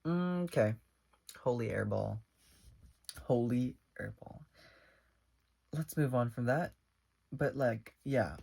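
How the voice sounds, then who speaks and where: A young man vlogging a casual storytime, rambling and animated, with lots of fillers as he retells a conversation. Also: medium pitch, slow pace, creaky, pauses often.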